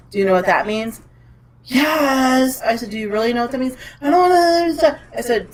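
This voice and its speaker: Chatty mom telling a long story. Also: female voice, medium pitch, rough recording. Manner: rambling storytelling with frequent laughter. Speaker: podcast co-host. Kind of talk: casual chat.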